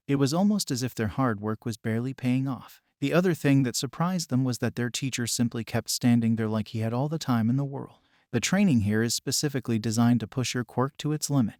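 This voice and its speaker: A man narrating a fan-written story in a steady storytelling manner. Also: mid-range voice, dry recording, clean studio sound. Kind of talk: reading a fan story aloud.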